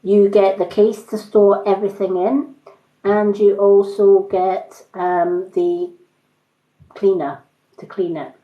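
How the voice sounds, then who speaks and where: A woman's voice: mid-range voice, fairly even intonation, slow pace. A woman selling makeup and skincare, chatting casually on a live stream and rambling through stories with lots of fillers. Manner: rambling storyteller with frequent fillers. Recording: roomy, slightly dull sound.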